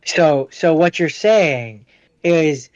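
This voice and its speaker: A man co-hosting a podcast in casual chat, chiming in with quick, dry remarks. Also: on the high side, lively intonation, clean tone, no echo. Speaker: podcast co-host. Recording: dull lo-fi audio.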